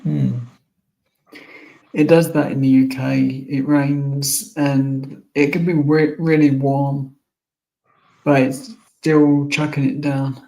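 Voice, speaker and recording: A tired man chatting casually on a live stream, giving calm, dry, short replies. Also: medium pitch, slow, vocal fry, low-quality recording.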